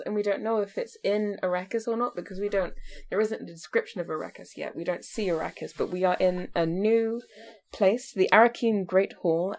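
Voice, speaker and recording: A woman's voice: medium pitch, darkish tone. A woman co-hosting a casual book podcast, chatty and given to laughing and casual swearing. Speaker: podcast co-host.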